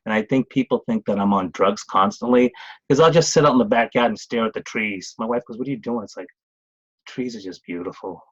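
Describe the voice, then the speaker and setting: A man's voice: medium pitch, fast talker, no echo. A middle-aged man with a Boston accent talks casually as a podcast guest. He rambles and restarts his sentences, leaning on "it's like". His voice comes through slightly dull and lo-fi, as if over a remote call. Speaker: guest, grief coach and author. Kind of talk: casual conversational interview.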